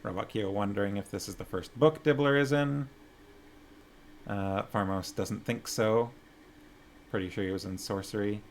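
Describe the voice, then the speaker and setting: A man's voice: lowish voice, moderate pace, pauses often, a little hiss or hum. A man streaming, reading a novel aloud expressively and chatting with viewers. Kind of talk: audiobook-style narration and chat.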